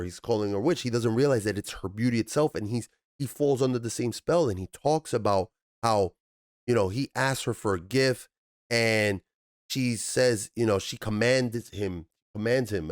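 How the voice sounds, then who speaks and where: A man hosting a TV review channel, ranting in an animated, profane way and jumping up into high, exasperated bursts. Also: moderate pace, no room sound, clean studio sound.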